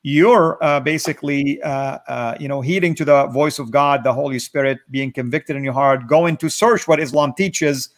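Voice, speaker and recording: A man hosting an interview, asking questions in a measured, affirming way. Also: medium pitch. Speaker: host interviewer.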